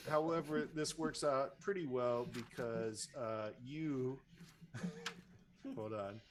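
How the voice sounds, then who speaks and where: Halting male game master. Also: medium pitch, background noise. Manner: halting, lots of fillers. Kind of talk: running a tabletop game on a live stream.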